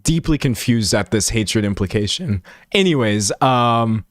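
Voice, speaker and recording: A man's voice: on the low side, measured pace, no room sound, clean studio sound. A man commentating on a live stream and reading chat aloud. He rambles, restarts his sentences and pokes fun at himself. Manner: animated and rambling, self-mocking, many restarts.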